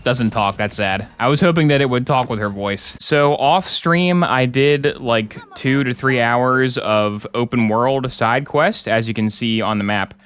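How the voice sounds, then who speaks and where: Dude doing live game commentary, sarcastic and grumbly, talks to chat a lot, kinda jokey. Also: male voice, medium pitch, measured pace, few pauses, fairly bright tone, clean tone. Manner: talks to chat, thanks subscribers. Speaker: gaming streamer.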